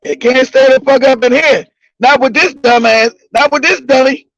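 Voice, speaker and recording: Male host, profane, mocking storyteller; gravelly and dry, lo-fi sound. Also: very high-pitched, normal speed, a bit bright, dry recording. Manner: profane, laughs often, mocking. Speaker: livestream show host. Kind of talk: casual comedic storytelling. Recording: dull lo-fi recording.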